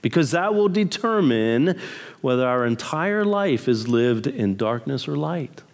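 Slow, emphatic preaching man in a hall. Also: mid-range voice, very animated. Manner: emphatic, measured preaching with rhetorical questions. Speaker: pastor. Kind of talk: sermon.

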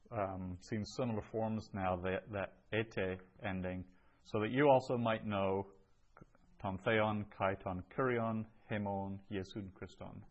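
A man's voice: fairly low pitch, highs cut off. Man teaching a class, patient and explanatory. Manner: patient, explanatory, with many ums. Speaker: Greek teacher. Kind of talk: classroom lesson.

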